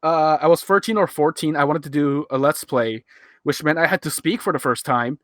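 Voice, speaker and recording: Streaming live, a twenty-something man from Hong Kong rambles and chuckles through self-mocking commentary on one of his old videos, using a cheap USB microphone. His accent is Hong Kong English with a half-American lean. The voice is a little high and a bit bright at normal speed, and the sound is studio quality with no room sound.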